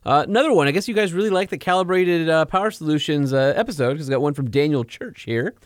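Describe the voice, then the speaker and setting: A man's voice: on the high side, lively intonation, fast, no room sound, studio quality. A man co-hosting a casual car podcast, reading listener letters aloud with emphasis. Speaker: podcast co-host.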